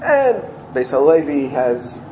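A man, a rabbi, giving a Torah talk and telling a story animated, acted-out quotes. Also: takes it slowly, a little hiss or hum, low-quality recording. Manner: animated storytelling, acting out quotes with rising pitch.

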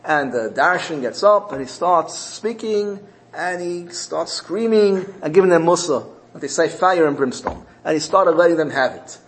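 A man's voice: on the high side, moderate pace, rough recording. A man teaching a Torah class, telling stories earnestly and with animation. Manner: earnest, animated storyteller mixing Hebrew terms. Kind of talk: storytelling Torah lesson.

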